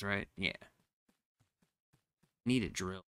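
A man giving casual commentary as he plays a game, talking to himself, often confused and quickly frustrated. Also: vocal fry, dry recording, studio quality. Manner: jumps to high excited exclamations when surprised. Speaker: gaming YouTuber. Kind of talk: casual let's-play commentary.

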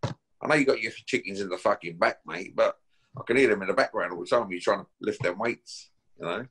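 A guest boxer from Essex, speaking with an Essex accent, is on a call for a casual call-out chat, brash, taunting and swearing. His voice is on the low side, fairly quick and a bit bright, with a breathy edge.

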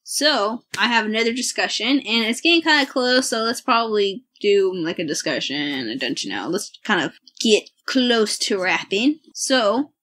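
A woman co-hosts a relaxed podcast chat. She tells stories with a giggle, lots of fillers and a middle-pitched voice. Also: normal speed, few pauses. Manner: giggly, chatty storytelling with many fillers. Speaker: podcast co-host. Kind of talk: casual chat.

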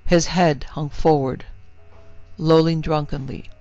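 A man reading a horror story in a steady, vivid narrating voice. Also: a little high, slow pace, faint music behind. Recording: dry, slightly muffled recording.

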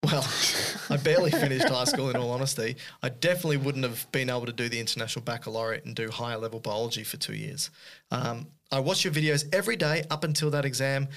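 A man co-hosting a casual podcast, teasing his co-host and reading listener emails aloud with quick asides. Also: mid-range voice, a bit bright.

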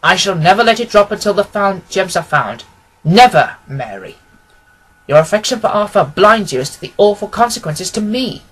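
A man reading aloud who voices a stern, stubborn older banker speaking emphatically in a husky voice. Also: sits high, lively intonation, normal speed, a bit bright, pitched above the performer's own voice, exaggerated voice, rough recording. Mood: insistent. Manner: emphatic, insistent.

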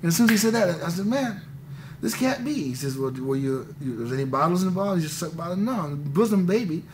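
Here the interviewee, a musician in his thirties, has a slightly high voice with lively intonation and speaks fast over a faint hiss or hum. The conversation is candid; he rambles with intensity, keeps restarting, and frequently says "man."

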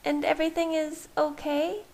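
A woman voicing a doubtful female vampire in a storybook reading, speaking slowly and skeptically. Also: sits high, flat delivery, a little mellow, pitched above the performer's own voice. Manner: slow, skeptical.

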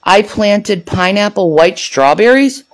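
A woman talks off the cuff on her own vlog, her voice swinging up and down with lively pitch. She chats in a loose, unfiltered way, swearing freely and laughing between thoughts. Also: slow, rough recording. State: out of breath. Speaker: vlog host. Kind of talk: casual chat.

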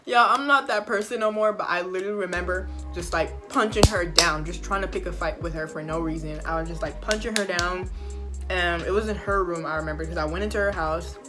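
A woman's voice: lowish voice, a little fast, over loud music. A young woman vlogger telling a storytime while eating, chatty, slangy and profane, talking straight to her viewers. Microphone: phone camera.

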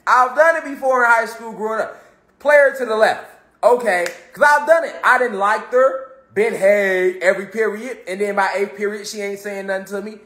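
High-pitched guy giving a swearing pep talk, slangy, gets loud then soft, echoey room. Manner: animated, swears freely, slangy, swings between loud and soft. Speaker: motivational speaker. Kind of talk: casual motivational talk. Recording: roomy echo.

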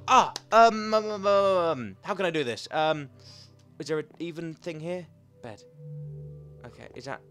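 A young man commenting as he plays a video game, chatty and excitable, talking to the animals in the game. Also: medium pitch. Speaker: gaming commentator. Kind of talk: playing a game with live commentary.

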